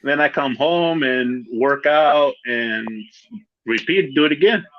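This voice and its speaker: A man chatting casually as a guest, using relaxed slang and calling his friend "fool" and "dog.". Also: mid-range voice, slow pace, dull audio. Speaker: guest on a live-stream chat. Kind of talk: casual chat.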